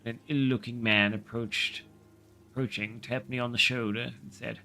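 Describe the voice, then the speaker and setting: A man reading a classic novel aloud on a livestream in a steady, measured way. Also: mid-range voice, a little hiss or hum, rough recording.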